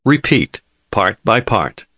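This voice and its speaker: A man narrating a language lesson in a calm, measured, clearly enunciated scripted delivery. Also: on the low side, dry recording, clean studio sound.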